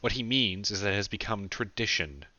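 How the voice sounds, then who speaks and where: A man's voice: lowish voice, fairly quick, bright, forceful tone, no room sound, highs cut off. A man voicing a frowning, defensive male alchemist in an audiobook, tense in manner.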